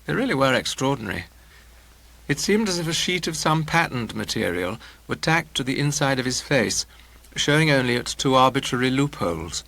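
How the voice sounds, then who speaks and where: A man's voice: mid-range voice, sing-song, moderate pace, creaky, pushed and bright, rough recording. A man narrating a comic novel in an audiobook, with a wry, dry delivery.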